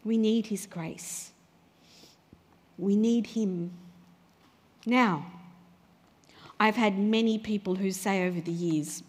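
Woman, preacher, earnest sermon delivery with slow emphatic repeats; long church reverb. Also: medium pitch.

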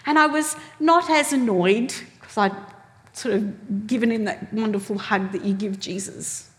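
A woman's voice: mid-range voice, a little slow. A woman preaching a sermon, telling stories animatedly and acting out the voices she quotes. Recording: long hall reverb.

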